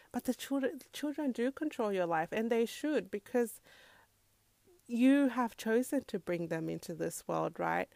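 A woman's voice: mid-range voice, darkish tone, no room sound. A woman in her thirties from Africa, talking earnestly to camera about being a parent and often addressing her viewers as "guys.". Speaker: parenting vlogger. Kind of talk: casual talk to camera.

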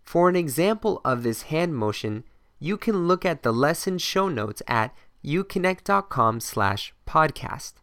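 A man teaching English phrases in a scripted podcast lesson, modeling each phrase clearly for learners to repeat. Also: fairly high pitch, a bit bright, dry recording, clean studio sound.

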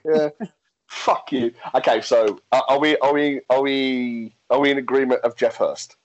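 A man's voice: medium pitch, moderate pace, dull audio. A man chatting casually as a podcast co-host, reading facts aloud with lots of restarts. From England. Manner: animated, reads facts aloud, frequent restarts and laughs. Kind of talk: casual chat.

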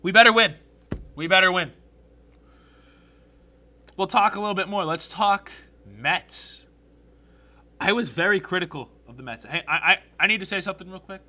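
A young man with a high-pitched voice hosts a solo sports podcast, ranting about his team at a normal speed. He's animated and blunt, and he swears freely.

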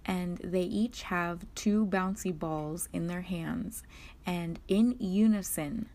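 A woman's voice: slow, a little mellow. A woman speaking earnestly and emphatically in a casual monologue about prophecy. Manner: earnest, emphatic, quotes kids in high voices. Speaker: religious commentator.

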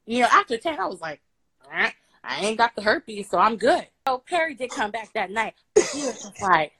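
Brash, bright-voiced woman telling a story. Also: on the high side, sing-song, moderate pace, husky, dry recording, low-quality recording. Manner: brash, profane, laughing, breaks into song. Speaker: guest storyteller. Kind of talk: casual storytelling on a live stream. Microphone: phone on a live video stream.

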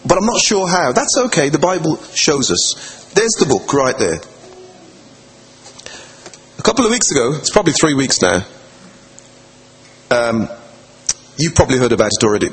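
A man's voice: mid-range voice, very animated, normal speed, pauses often. A man preaching a sermon in a conversational, anecdotal way, telling stories with acted quotes. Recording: long hall reverb.

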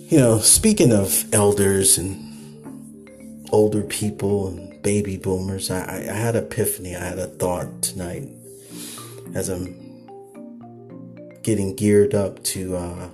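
A podcast host ranting late at night, circling back over the same phrases and laughing at himself. His voice swings widely in pitch, jumping high when he's worked up. A faint bit of music sits underneath. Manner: animated, repetitive, laughs at himself.

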